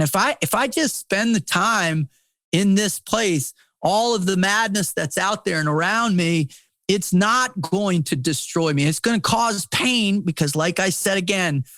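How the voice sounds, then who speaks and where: A man's voice: high-pitched, a bit bright, no room sound. Middle-aged ex-military guy on a podcast, fired up and preachy, swears a lot, says man constantly, dry studio sound. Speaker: podcast guest, former Navy SEAL. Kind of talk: impassioned casual conversation.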